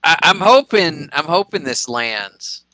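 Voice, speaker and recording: A man's voice: a little high, sing-song, unhurried, pushed and bright, no room sound, rough recording. A man playing a tabletop game over voice chat, hesitant and full of ums while choosing his move. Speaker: player.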